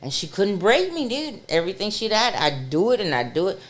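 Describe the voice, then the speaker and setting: A woman guest on a podcast, telling a story in a casual, profane and animated way, laughing often. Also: medium pitch, brisk.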